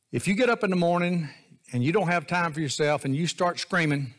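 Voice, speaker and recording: Guy preaching, folksy and jokey, kinda high voice. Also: fairly bright tone. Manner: folksy, joking, conversational preaching. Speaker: associate pastor. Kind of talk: sermon.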